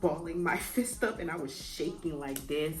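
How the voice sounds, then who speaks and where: A young woman telling a vacation story in a casual, animated way, jumping up in pitch when she quotes people. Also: moderate pace. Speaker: vlogger. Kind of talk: storytime vlog.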